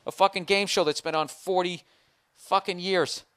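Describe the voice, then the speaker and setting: A man's voice: high voice, fairly even intonation, moderate pace, fairly bright tone, smooth, no echo, clean studio sound. A man hosting a podcast, telling a profane comedic story with mocking voices. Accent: Boston. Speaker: podcast host. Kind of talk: comedic monologue. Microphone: studio podcast mic.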